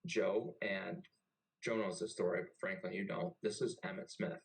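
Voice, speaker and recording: A young navy veteran tells a story loosely and casually. His voice sits on the low side, and he swears freely and keeps things animated. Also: moderate pace, gravelly, rough recording. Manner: profane and animated. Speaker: podcast host and navy veteran.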